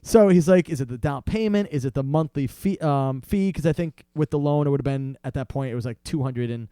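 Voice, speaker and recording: A man's voice: medium pitch, brisk, smooth, dry recording, clean studio sound. A young man, a podcast guest, telling a long story in casual chat and acting out other people's lines as he goes. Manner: animated, acts out salesmen's voices in quotes.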